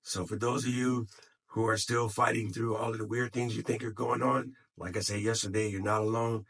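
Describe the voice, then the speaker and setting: This man's low, husky, somewhat creaky voice is a bit bright, with fairly even intonation and a moderate pace. He chats casually into his phone camera, tired yet encouraging, giving other podcasters loose, unscripted motivation.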